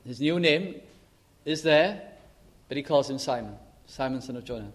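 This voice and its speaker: An older man preaching a sermon, telling the story with feeling, acting out quoted dialogue and slowing down for emphasis. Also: medium pitch, animated.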